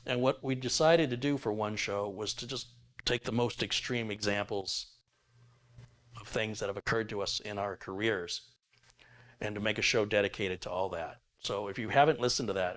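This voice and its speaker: A middle-aged man with a fairly low voice hosts a casual live stream. He chats loosely and reads viewer messages aloud, laughing easily as he goes. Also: fairly bright tone. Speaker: live stream tech host. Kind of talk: casual live stream chat reading donations.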